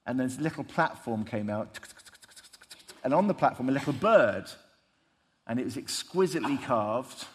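A preacher in a reverberant hall. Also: male voice, mid-range voice, animated, normal speed, pauses often, a little hiss or hum. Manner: storytelling, emphatic, conversational. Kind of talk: sermon. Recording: long reverb of a large hall.

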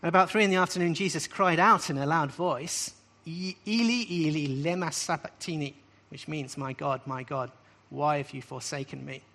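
A man with a slightly high voice preaches to a live group. His delivery is emphatic, and he stresses key phrases by saying them again. He often finishes a point with a questioning "right?". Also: fairly even intonation, brisk, gravelly, few pauses, bright, forceful tone. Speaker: preacher teaching on scripture. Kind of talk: sermon-style teaching.

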